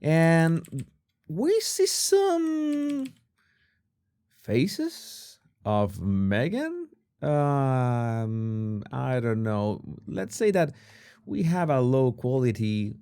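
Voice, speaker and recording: A man giving casual video commentary on body language. He talks in halting bursts and restarts his sentences often, with a dry, sarcastic edge. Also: mid-range voice, wildly swooping pitch, mellow, clean tone.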